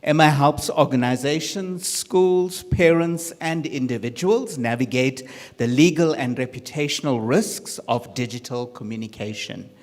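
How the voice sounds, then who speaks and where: A man's voice: medium pitch, a little slow, a little mellow. A man acting as conference MC, reading a formal introduction for the next speaker. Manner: formal, then amused. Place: conference hall. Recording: reverberant hall with audience.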